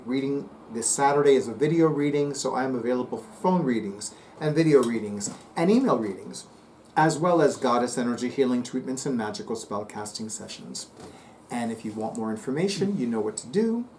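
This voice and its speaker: Chatty man, faint background hum. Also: mid-range voice. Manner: chatty, animated, playful asides. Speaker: psychic reader and YouTuber. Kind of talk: casual monologue to camera.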